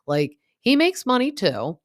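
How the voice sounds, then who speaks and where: A woman's voice: a little high, huge pitch swings, unhurried, no echo, clean studio sound. A woman hosting a casual reality TV recap, gossipy and opinionated, with plenty of fillers. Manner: chatty, lots of fillers like "like" and "um".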